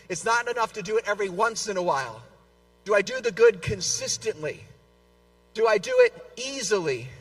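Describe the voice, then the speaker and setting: A man giving a lively, self-deprecating storytelling talk to a live audience at a convention, often stammering over repeated words. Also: high voice, creaky, no room sound, recorded from a distance, poor audio. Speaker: convention speaker. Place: large convention hall.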